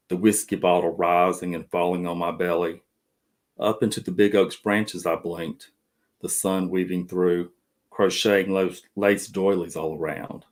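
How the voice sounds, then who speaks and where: A middle-aged male author reading his own prose aloud. His voice sits very low, and he lingers over the lines. The delivery is slow, lyrical and unhurried.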